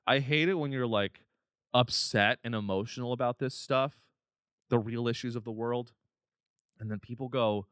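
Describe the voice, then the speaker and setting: A man's voice: mid-range voice, moderate pace, pauses often, a bit bright, clear, resonant tone, dry recording, clean studio sound. A man hosting a podcast, ranting with profanity and exasperation, slipping into mocking voices of other people. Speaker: podcast host. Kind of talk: comedic rant.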